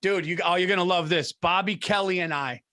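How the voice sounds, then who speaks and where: Podcast co-host, middle-aged man, slightly high voice, animated profane ranting storyteller. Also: brisk. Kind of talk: casual comedic storytelling.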